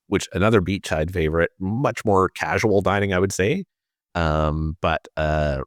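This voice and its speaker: A man co-hosting a travel podcast, calmly giving recommendations with some fillers. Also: deep voice, dry recording, clean studio sound. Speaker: podcast co-host. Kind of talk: casual travel podcast chat.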